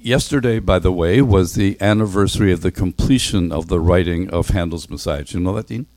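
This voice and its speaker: Deep-voiced man telling Bible stories. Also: brisk, no echo. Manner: animated, acts out dialogue, self-correcting. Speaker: Bible teacher. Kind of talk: storytelling Bible talk.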